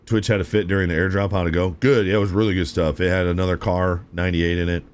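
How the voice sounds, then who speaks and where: A man's voice: low voice, level tone, fast, a little hiss or hum. A young man streaming a game live, chatting casually and laid-back with his viewers, often calling them "chat" and saying "dude".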